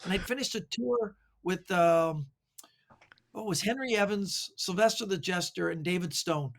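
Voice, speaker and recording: Male guest, high gravelly voice, lively storyteller on a video call. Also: moderate pace. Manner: animated anecdotes with quoted voices. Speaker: guest magician. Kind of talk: casual storytelling.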